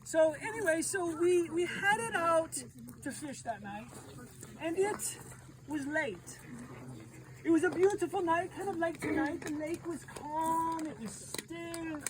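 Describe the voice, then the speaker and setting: A woman youth pastor acting out a Bible story in the first person, animated and playful, talking straight to her audience. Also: very high voice, slow, crowd noise, rough recording.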